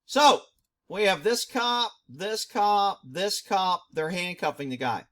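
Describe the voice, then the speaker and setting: A man's voice: high-pitched, animated, slow pace, fairly bright tone. Indignant middle-aged man ranting. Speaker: commentary host, former police dog handler. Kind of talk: angry video commentary.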